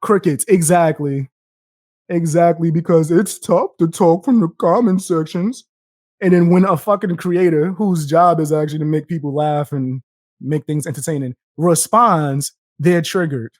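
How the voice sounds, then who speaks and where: A man's voice: fairly high pitch, normal speed, dry recording, studio quality. A young man live streaming, reacting with a profane, combative rant and taunting his viewers between laughs.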